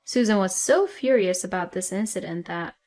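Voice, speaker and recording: A woman's voice: medium pitch, normal speed, darkish tone, soft background music. A woman narrating a personal story plainly, in a matter-of-fact way.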